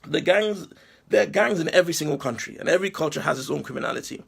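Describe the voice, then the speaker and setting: A man's voice: fairly high pitch, lively intonation, quick pace, vocal fry, slightly rough. A man with a British accent delivering an impassioned monologue, firing off rhetorical questions and repeating himself as he argues. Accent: British English. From England. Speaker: commentator responding to a critic.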